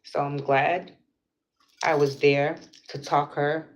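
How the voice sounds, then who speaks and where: In an emotional vlog, a mother shares a personal story in a deep, level, slow voice. She is earnest and close to tears, repeating herself and swearing now and then.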